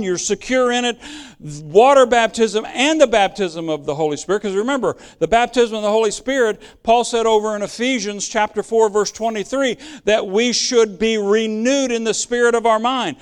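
A man's voice: high-pitched, smooth. A man preaching a sermon and explaining Bible verses, earnest and emphatic, repeating phrases for stress.

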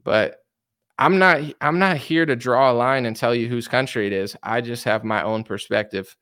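A man's voice: mid-range voice, moderate pace, a bit bright, clean tone. An American man in casual commentary, rambling and repeating himself, reading viewer comments. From United States. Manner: rambling, repeats words, many likes and you-knows. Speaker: commentator reacting to news.

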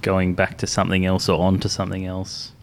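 A man's voice: sits low, completely flat delivery, a little fast, vocal fry. A man co-hosting a podcast, listening attentively, laughing easily and asking follow-up questions. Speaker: podcast co-host. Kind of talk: casual chat.

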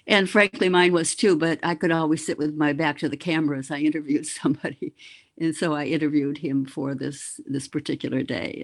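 An older woman from the Boston area, once a news anchor, appears as a guest and reminisces in an interview. Her voice is low-pitched, creaky, and husky, and she tells her story vividly, mimicking sounds along the way.

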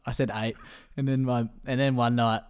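A man's voice: medium pitch, flat delivery, moderate pace, a little mellow, clear, resonant tone. A young man co-hosting a podcast, telling stories in a chatty way and laughing often. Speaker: podcast co-host. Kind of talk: casual podcast chat.

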